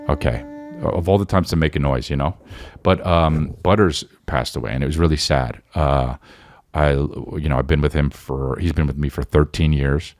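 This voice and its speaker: A man's voice: a bass voice, moderate pace, a little mellow, dry recording, clean studio sound. A man in his forties hosting a casual solo podcast, rambling with lots of restarts and tag questions, his voice sore and worn. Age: 40s. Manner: rambling with many restarts and "right?". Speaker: podcast host.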